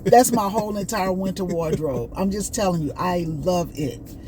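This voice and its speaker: A woman hosting a casual vlog, chatting and telling stories in an animated way while out on a morning walk. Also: lowish voice, moderate pace, a little hiss or hum. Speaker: vlog host. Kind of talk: casual chat.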